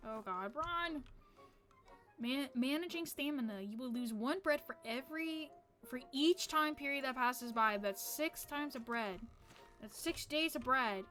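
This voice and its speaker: Excitable high-voiced woman streamer. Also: unhurried. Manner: excitable, chatty, reacts loudly. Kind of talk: casual game-play commentary. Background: faint game music.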